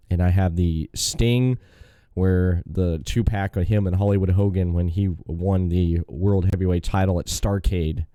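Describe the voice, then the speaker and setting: Brief: a deep, dark-toned male host chatting casually on a podcast, dry close sound. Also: no room sound. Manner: rambling, enthusiastic storytelling. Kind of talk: casual chat.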